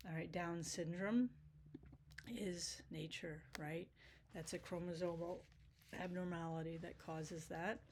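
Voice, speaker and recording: A woman's voice: fairly low pitch, fairly even intonation, takes it slowly, a little mellow, slight background noise. A woman teacher giving a recorded video lesson, talking casually and often checking in with "right?".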